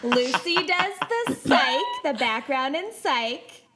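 A woman's voice: high-pitched, expressive, slow, crowd noise. A woman co-hosting a casual chat podcast, laughing often through giggly banter. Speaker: podcast co-host.

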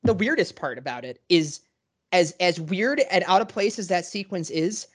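A woman's voice: on the low side, lively intonation, moderate pace, slightly rough. A woman co-hosting a podcast in casual chat, joking and retelling scenes with animation. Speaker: podcast co-host. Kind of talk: casual chat about a book.

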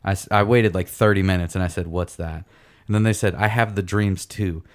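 A young man with a fairly low voice tells a story on a casual podcast. He swears freely and acts out each part of it with energy. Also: fairly quick. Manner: profane, animated storyteller. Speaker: podcast co-host.

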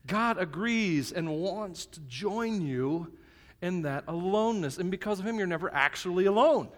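A man preaching a sermon at a church service. He speaks in a plain, conversational, joking way, dropping to a hush one moment and shouting the next. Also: sits high, animated, moderate pace. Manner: self-described plain and a bit crass. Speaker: pastor. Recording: long hall reverb.

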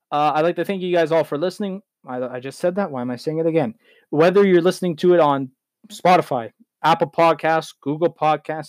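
A man's voice: a little high, no echo. A man hosting a solo sports talk podcast, rambling, heated and correcting himself as he goes.

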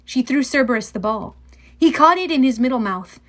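A woman narrating a children's fantasy audiobook in the first person, lively and storytelling. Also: high-pitched, a little fast.

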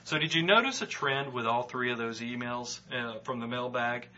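A man with a Southern US accent, hosting a solo finance podcast in an earnest, encouraging way, with plenty of ums and restarts. His voice is strikingly bright. The recording is a bit dull and lo-fi. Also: medium pitch, normal speed. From Georgia, US. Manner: earnest, encouraging, with frequent fillers. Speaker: podcast host, financial adviser. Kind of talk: solo podcast, reading listener emails.

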